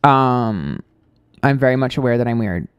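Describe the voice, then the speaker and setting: A man's voice: medium pitch, very animated, normal speed, clear, resonant tone, no echo, studio quality. Blunt ranting man on a live stream. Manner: swearing, chatty with fillers. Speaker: psychic tarot reader and live streamer. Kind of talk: casual live-stream chat.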